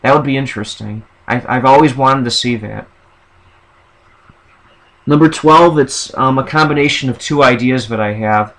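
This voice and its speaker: A man talking alone to his camera in a loose, rambling way, working through a list of ideas. His voice sits at an ordinary pitch. He often restarts his sentences. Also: moderate pace, fairly bright tone, rough recording. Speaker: vlogger. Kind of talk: casual monologue listing ideas.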